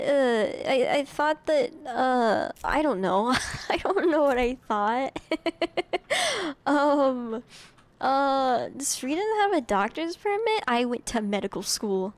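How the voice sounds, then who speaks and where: High-voiced giggly woman streamer. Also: animated, takes it slowly. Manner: giggly, scattered, reads game text aloud and chats with viewers. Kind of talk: casual game commentary.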